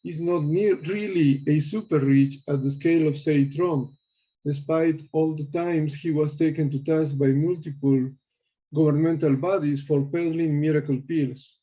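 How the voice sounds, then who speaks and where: A man calling into a show, reading measured prepared commentary with small slips. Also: on the high side, fairly even intonation, dull audio. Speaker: caller.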